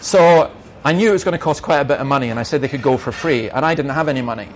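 A man's voice: medium pitch, rapid-fire, slight background noise. A middle-aged man, a minister, answering questions in an emphatic, argumentative way and telling anecdotes.

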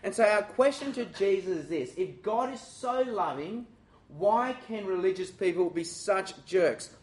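Lively Australian man preaching a sermon. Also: high voice, measured pace. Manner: lively, self-mocking and direct.

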